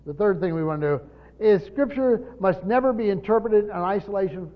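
Male pastor, high voice, emphatic teaching sermon with rhetorical questions; muffled church recording with long reverb. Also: a little fast. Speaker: pastor teaching Bible study.

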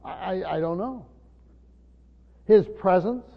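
Guy preaching a sermon, kinda high voice, earnest, talking right to the congregation, muffled recording. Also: takes it slowly, gravelly. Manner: earnest teaching tone, addresses the congregation directly. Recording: dull lo-fi sound with long reverb of a large hall.

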